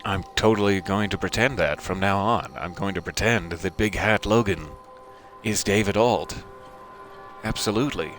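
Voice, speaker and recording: Low-voiced man joking through gameplay. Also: normal speed, a bit bright, slight background noise. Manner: playful, mock-formal joking. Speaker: game streamer. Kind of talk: live gameplay commentary.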